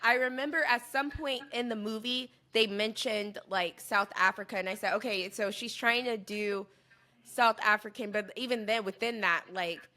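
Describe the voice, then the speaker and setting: A woman's voice: fairly high pitch, normal speed, pushed and bright. A woman co-hosting a podcast in casual chat, hedging and searching for her words as she talks. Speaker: podcast co-host.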